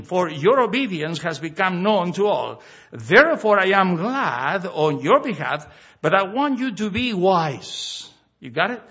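Pastor preaching, bright husky voice, slow punchy scripture reading, lots of uhs. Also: male voice, on the high side, muffled recording. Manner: slow emphatic scripture reading, many fillers and restarts. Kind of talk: sermon.

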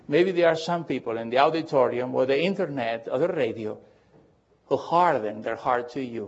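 A middle-aged man preaching a sermon as pastor in a church auditorium, swinging from hushed pleas to fervent shouts. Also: mid-range voice, normal speed, muffled recording.

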